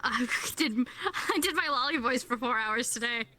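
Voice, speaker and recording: Chatty woman guest, slightly high voice. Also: normal speed, pushed and bright. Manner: chatty, laughs easily. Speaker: talk show guest. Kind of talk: casual interview chat.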